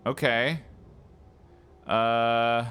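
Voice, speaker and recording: A man's voice: mid-range voice, steady tone, very slow, a bit bright, clear, resonant tone. A man hosting a let's play, reading the game's text aloud and breaking off for playful, chatty asides to his viewers.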